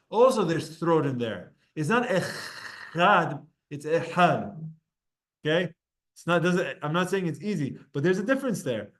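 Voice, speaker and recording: A man teaching an informal study class, explaining pronunciation casually and chanting verses slowly. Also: fairly high pitch. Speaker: Torah teacher.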